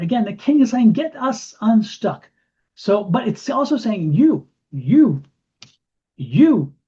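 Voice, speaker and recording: A man giving an intuitive tarot reading to camera, animated and repeating phrases for emphasis. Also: high voice, breathy edge. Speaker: tarot reader. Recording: dull lo-fi sound.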